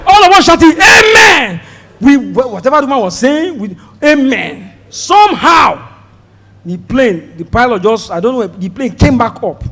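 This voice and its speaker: A Nigerian man performing stand-up comedy, telling a story in an animated way and slipping into pidgin, with a Nigerian accent. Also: very high-pitched, moderate pace. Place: live comedy show before an audience. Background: audience laughter.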